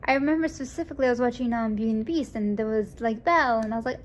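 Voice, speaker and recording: Rapid-fire and a little high, this young vlogger from the United States rambles through a personal story. Restarts and fillers pile up, and she jumps into lively impressions of what each person in the story said.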